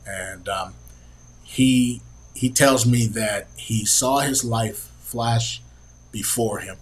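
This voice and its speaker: A middle-aged man hosting a podcast, telling a family story in an earnest, halting way with many pauses and fillers. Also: mid-range voice, poor audio. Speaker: podcast host. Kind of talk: personal storytelling.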